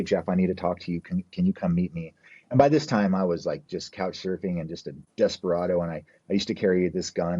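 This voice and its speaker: A man's voice: low voice, dark tone, breathy edge. A man from New Mexico, a podcast guest, telling a long story in a casual, rambling way with plenty of swearing and fillers, acting out the people he quotes. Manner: rambling, profane, fills with "like" and "you know". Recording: slightly dull, muffled podcast audio.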